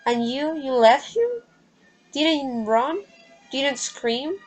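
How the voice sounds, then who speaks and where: Woman doing anxious fragile woman, indignant, slow delivery, faint music behind. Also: high-pitched, expressive, exaggerated voice, low-quality recording.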